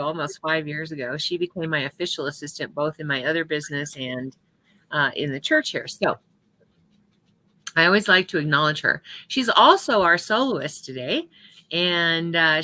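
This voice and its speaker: A woman's voice: low-pitched, dry recording. A woman, the senior minister of a spiritual center, welcoming people and introducing her team in a chatty way with frequent laughs. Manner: chatty, laughs often, warm introductions with small asides. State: hiccups. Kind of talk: welcoming church announcements.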